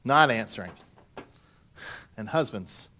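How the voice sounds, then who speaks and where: A pastor preaching a sermon in a conversational way, asking the congregation direct questions. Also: male voice, medium pitch, expressive, takes it slowly, sharp tone.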